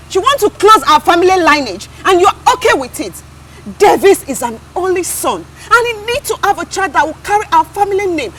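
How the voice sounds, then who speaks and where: A woman's voice: very high-pitched, a little hiss or hum, low-quality recording. An actress with a Nigerian accent playing a scornful aunt who is hostile to her brother's wife, talking bluntly. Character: scheming older aunt, hostile to in-law. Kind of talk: film drama acting.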